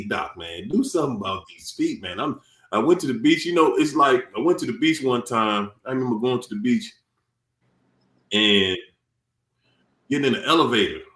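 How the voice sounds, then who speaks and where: A man's voice: medium pitch, expressive, normal speed, pauses often, a bit bright, reverberant. A man from Washington DC hosting a live stream, greeting viewers in a playful, joking way and laughing often. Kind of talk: casual chat greeting viewers.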